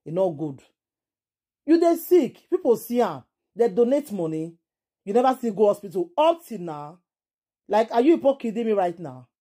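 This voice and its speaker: A woman's voice: medium pitch, very animated, normal speed, mellow, slightly rough. A woman with a Nigerian accent giving casual vlog commentary, indignant and exclaiming, firing off rhetorical questions. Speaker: entertainment vlogger.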